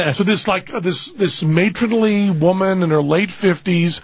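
A man's voice: fairly high pitch, husky, no room sound, muffled recording. An older man rambling through a funny anecdote in casual chat, often laughing as he talks. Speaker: guest storyteller.

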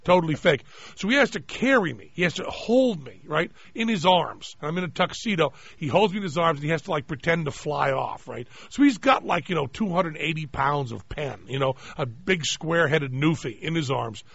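A man's voice: a little high, a little fast, vocal fry, slightly rough, no room sound. A man hosting a radio show, telling a long funny anecdote in casual chat and acting out the lines of the people in it. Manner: animated anecdote-teller, mimics voices in retold dialogue. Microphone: studio microphone. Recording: dry, slightly dull radio studio sound.

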